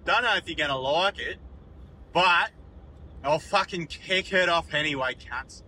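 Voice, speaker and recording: A man's voice: on the high side, a little slow, pushed and bright, slight background noise, low-quality recording. A man with an Australian accent sending in a voice message, telling a long crude joke in a laddish, sweary way.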